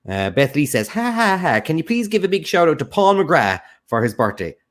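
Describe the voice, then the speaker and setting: A man with a Cork Irish accent hosting a livestreamed pub quiz, chatting casually and reading out viewer comments with quick jokes. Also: on the high side, sing-song. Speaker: quiz host.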